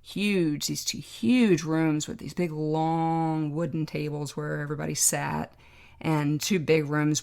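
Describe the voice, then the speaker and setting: A woman, a podcast guest, telling a personal story in a reflective, heartfelt, measured way. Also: low-pitched, vocal fry.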